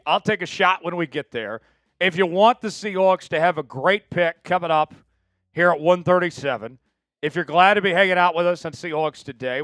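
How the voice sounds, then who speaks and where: Excitable guy hosting a draft livestream, bit high voice, dry close mic. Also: no echo. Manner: chatty, excitable, hypes viewers for likes. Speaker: live stream host. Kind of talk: casual live-stream commentary.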